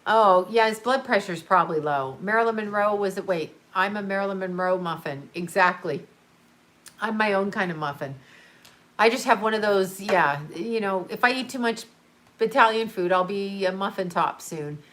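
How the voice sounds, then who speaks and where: A woman's voice: medium pitch, normal speed, a bit bright. Rambling chatty woman on a livestream. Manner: rambling, chatty, laughs often. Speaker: livestream host reading chat. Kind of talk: casual chat.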